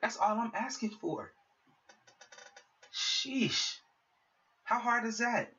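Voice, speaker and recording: Bright and forceful, this man's high voice moves at a normal speed as he hosts his own podcast, ranting heatedly and profanely directly at listeners. The sound is dull and lo-fi, with the mic set back from him.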